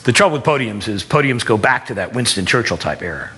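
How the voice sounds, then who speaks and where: A man coaching an audience on presenting, talking in a lively, conversational way and stressing words to make his points. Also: lowish voice, quick pace, breathy edge, big-room sound. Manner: animated, conversational, demonstrates with emphasis. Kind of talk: live seminar talk.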